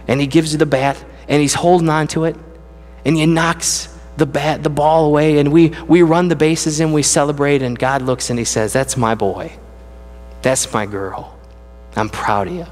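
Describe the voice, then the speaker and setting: A middle-aged man preaching a sermon as a pastor, with earnest, conversational delivery that lifts in pitch when he speaks of praise. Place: church sanctuary. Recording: long church hall reverb.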